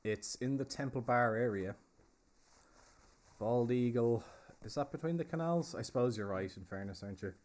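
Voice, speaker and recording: A man guides a virtual pub tour from inside the pub itself, chatting casually, joking and checking answers for an audience quiz. He speaks at a moderate pace in a darkish mid-range voice, pausing often, with a little hiss or hum in the audio.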